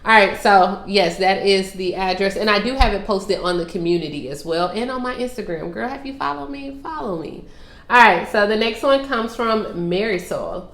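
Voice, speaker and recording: A woman's voice: mid-range voice, expressive, normal speed, a bit bright, echoey room. A woman hosting a casual Q&A vlog, sassy and teasing as she answers viewer questions and calls them girl and sis.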